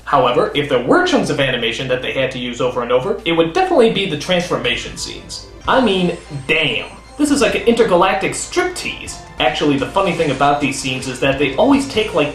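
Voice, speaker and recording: A man hosting a comedic countdown review. He is sarcastic and animated, with quick comic asides. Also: a little high. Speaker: host and critic. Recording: roomy studio with faint music.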